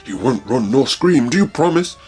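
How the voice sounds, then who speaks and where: Young man on the run, hushed and urgent, husky tone, lively pitch, as a man reads the part. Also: normal speed, soft background music.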